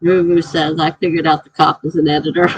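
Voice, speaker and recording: A woman's voice: deep voice, breathy edge, rough recording. A woman hosting a casual writing livestream. She chats, laughs often, thinks aloud and reads viewer comments out.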